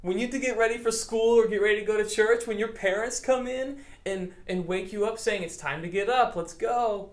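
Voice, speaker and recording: A gentle, reassuring adult man, patient and kind in a storytelling lesson, voiced by a man. The sound is roomy, with echo off the walls. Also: high voice, big pitch swings, unhurried, long pauses, full character voice.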